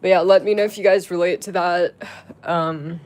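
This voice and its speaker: Casual live streamer at medium pitch, rambling with constant fillers and coarse swearing at chat. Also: fairly even intonation, normal speed. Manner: rambling, heavy with fillers and restarts; crude, profane outbursts at chat.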